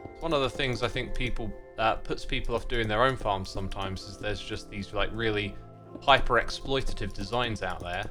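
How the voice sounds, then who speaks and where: A man with a bright, clear voice chats casually while he plays a game on a live stream. He reads viewer messages aloud and thanks supporters between thoughts. Soft music runs quietly behind him. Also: mid-range voice. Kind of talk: casual livestream chat while playing.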